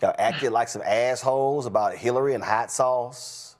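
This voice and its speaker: A man's voice: mid-range voice, moderate pace. A man in a played clip, scolding his listeners with a list of accusations.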